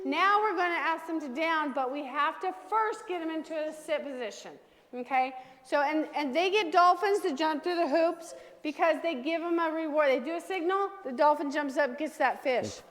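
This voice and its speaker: A woman dog trainer leading a hands-on class, giving brisk, direct commands to owners and their dogs. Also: high-pitched, soft background music. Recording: long reverb from a large room.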